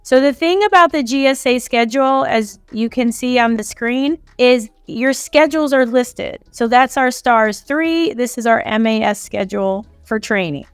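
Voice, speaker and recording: A woman's voice: fairly high pitch, moderate pace, hardly any pauses, clean tone, dry recording. A woman coaching on government contracts in a casual teaching style, acting out quoted callers as she explains. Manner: conversational, acts out quoted callers. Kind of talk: casual instructional talk.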